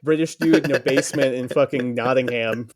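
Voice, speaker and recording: A man's voice: mid-range voice, a little fast. A man co-hosting a podcast, riffing on fantasy lore in casual chat with plenty of swearing and jokes. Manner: profane, joking lore rambling. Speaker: podcast co-host.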